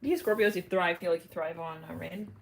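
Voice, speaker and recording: A woman's voice: fairly low pitch, a little fast, vocal fry, noisy background. A young woman hosting a casual livestream, rambling, laughing often and singing bits of songs. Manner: giggly, rambling, sings snatches of songs. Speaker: livestream host.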